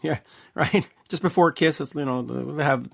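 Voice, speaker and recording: Male host, chatty and jokey, a touch higher voice than most. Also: moderate pace, vocal fry. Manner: chatty, jokey, frequent "uh" fillers. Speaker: podcast host. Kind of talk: casual interview chat.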